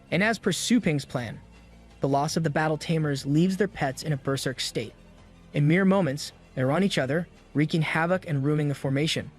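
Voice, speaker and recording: A man narrating a comic recap in a scripted style, breaking in with wry, slangy asides. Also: a little high. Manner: wry, slangy commentary between plot beats.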